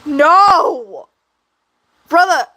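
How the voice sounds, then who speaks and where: A woman hosting a casual livestream, answering her chat in an animated, giggly way. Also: very high-pitched, very slow, low-quality recording. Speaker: livestream host.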